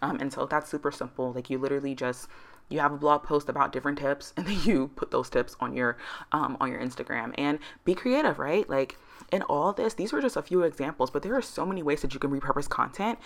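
A woman's voice: low-pitched, quick pace. A woman hosting her own podcast, giving casual, emphatic advice. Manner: chatty, emphatic, says "girl" and "like" often. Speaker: podcast host.

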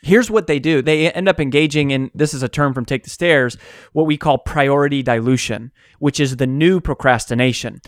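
A man, an author who runs a coaching company, telling stories in a conversational interview, animated and acting out quotes. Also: medium pitch, normal speed, no room sound, studio quality. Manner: animated storyteller, acts out quotes.

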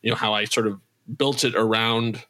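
Bright-toned guy rambling about his podcast, lots of restarts, easygoing chat. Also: on the low side, fairly even intonation, moderate pace. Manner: chatty, rambling with many restarts. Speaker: podcast creator and host. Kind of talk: casual chat.

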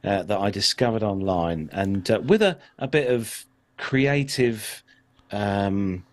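A man's voice: fairly low pitch, slow. A man hosting a casual aviation chat show, talking with many hesitations and fillers. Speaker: podcast host.

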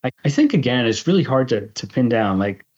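A man's voice: mid-range voice, very animated, brisk, a little mellow, highs cut off. A man in his fifties, a guest in casual conversation, talking thoughtfully with many restarts.

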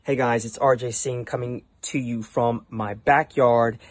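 A man's voice: medium pitch, fairly even intonation, a little slow, over music. A man hosting an interview podcast from his backyard, chatty and enthusiastic, with long setups before his questions. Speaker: podcast host. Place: outdoors in a backyard.

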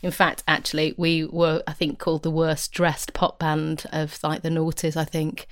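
A woman's voice: low voice, monotone, moderate pace, dry recording, studio quality. A woman hosting an interview, complimentary and chatty, with laughing asides. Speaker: interviewer and podcast host. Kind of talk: casual interview chat.

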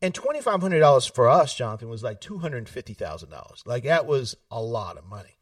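A man, telling stories in an animated way, laughing often and acting out family voices. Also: medium pitch, fairly quick, no room sound, far from the mic. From South Carolina. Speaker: political candidate, guest. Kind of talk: casual storytelling interview. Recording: dry sound, set back from the mic.

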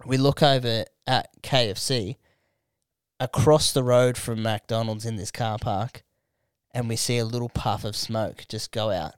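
Australian young guy, comedian on a podcast, spinning a sweary story with the quotes acted out, and his voice sounds smooth and dry, like it's close to the mic. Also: mid-range voice, a little slow, dry recording. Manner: animated, swears a lot, acts out quotes. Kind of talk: casual storytelling chat. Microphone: studio microphone.

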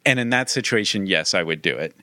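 A man in casual podcast chat, playfully pitching ideas with enthusiasm. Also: lively intonation, fast talker, pushed and bright, no echo, clean studio sound. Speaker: podcast co-host.

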